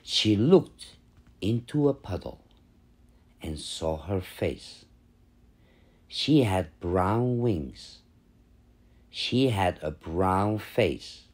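A man reading children's picture books aloud for kindergarten, slow and sing-song. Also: sits low, lively intonation, darkish tone.

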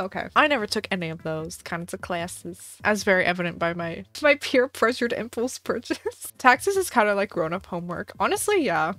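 A young woman streaming a game, chatting casually with her viewers in an excitable, dramatic way, dropping to mutters and jumping up to shrieks. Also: medium pitch. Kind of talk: casual gameplay commentary to a live chat.

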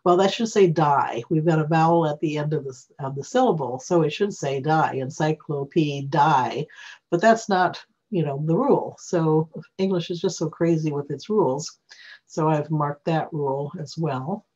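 A reading teacher walking through phonics rules during a screen-recorded software tutorial, thinking aloud and correcting themself along the way. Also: medium pitch, normal speed, husky. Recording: dull lo-fi recording.

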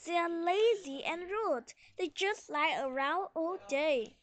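A woman's voice: extremely high pitch, takes it slowly. A woman voicing an emphatic father dog in a children's storybook reading. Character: gruff, eager father dog.

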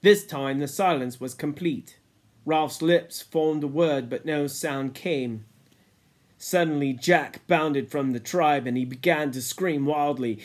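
High-voiced man reading a novel aloud. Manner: measured, drops low and quiet on grim moments. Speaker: reader.

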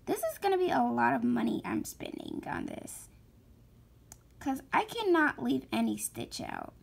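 A woman giving excitable, gushing commentary to her viewers while shopping in a game. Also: high voice, a little slow, gravelly, slight background noise. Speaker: gaming vlogger.

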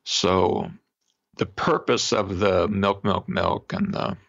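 A man, a psychologist guest on a podcast interview, explaining exercises in an animated way and demonstrating them aloud. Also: sits low, slow pace, vocal fry. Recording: dull lo-fi remote audio.

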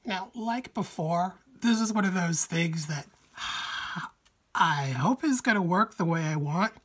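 Slow, husky-voiced woman crafter. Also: lowish voice, lively intonation, fairly bright tone. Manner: slow, careful and explanatory. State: slightly hoarse from a cold. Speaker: craft tutorial host. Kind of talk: step-by-step tutorial narration.

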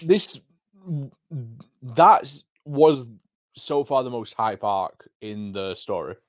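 A man's voice: mid-range voice, animated, slow. A young man co-hosting a podcast, chatting casually and musing aloud with questions. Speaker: podcast co-host. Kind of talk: casual chat.

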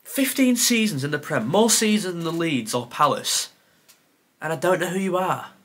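A man's voice: a little high, animated, moderate pace, fairly bright tone. A man who creates football content, thinking aloud to himself during a timed quiz, muttering and sighing with self-deprecating asides.

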